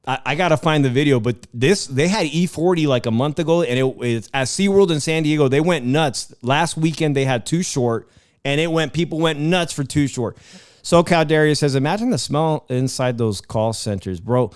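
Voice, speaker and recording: A fairly high-voiced middle-aged man hosting a loose sports show. He tells his stories with lots of energy and laughs readily. He reads out the news and then drifts into tangents. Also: normal speed, smooth. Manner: animated storyteller, laughs often. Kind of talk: casual sports chat.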